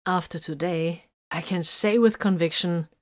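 A woman's voice: lowish voice, measured pace, lightly acted. A woman reading as Vox, a firm soldier. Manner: firm, matter-of-fact.

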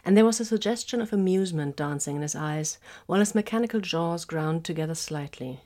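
This is a woman narrating a story in a low voice. Her delivery is quiet and even, with a steady scripted pace. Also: brisk. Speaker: story reader.

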